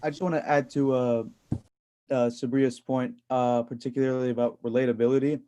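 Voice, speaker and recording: A man on a panel retelling a conversation in a casual, animated way, often starting with a hesitant "uh". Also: medium pitch, brisk. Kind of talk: casual storytelling.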